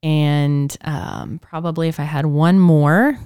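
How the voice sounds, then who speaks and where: Woman, thirties, podcast co-host, measured and thoughtful, smooth resonant voice, dry sound. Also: low voice, warm tone, no echo. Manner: measured, thoughtful, lightly teasing. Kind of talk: casual podcast chat.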